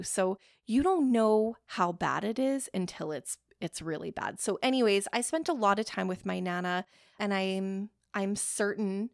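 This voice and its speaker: A woman's voice: medium pitch, vocal fry, no room sound, studio quality. A woman telling a personal story in a casual, rambling way, swearing freely.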